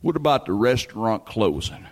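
A man voicing a sixty-year-old chain-smoking uncle in a low, flat smoker's drawl. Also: moderate pace, breathy edge. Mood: matter-of-fact.

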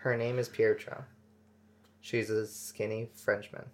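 A woman's voice: very deep voice, unhurried, a little hiss or hum. Laughing woman telling a story. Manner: animated, laughing, slipping into silly accents. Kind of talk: casual chat. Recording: music playing behind.

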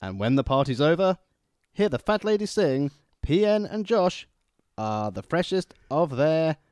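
A man's voice: fairly high pitch, sing-song, measured pace, a little mellow, clean tone, dry recording, studio quality, pitched above the performer's own voice. A man reading in an exaggerated posh voice. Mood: mock grand. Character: posh man reading a clumsy wrestler rap.

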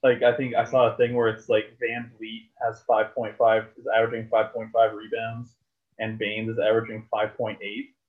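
A man's voice: fairly low pitch, monotone, moderate pace. A man, rambling about basketball in casual chat with lots of fillers and swearing. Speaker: podcast co-host. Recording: tinny phone-like sound.

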